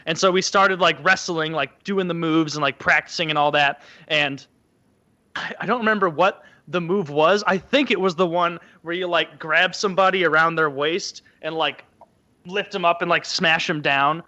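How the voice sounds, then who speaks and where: A man casually telling a childhood story on a podcast, animated and acting out the quotes in a high voice. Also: normal speed, dull audio. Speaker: podcast co-host.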